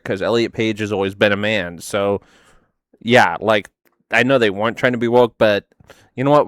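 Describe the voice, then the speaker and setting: A man's voice: medium pitch, dry recording, clean studio sound. A man hosting a reaction video, talking casually in a rambling, sarcastic way with lots of "like".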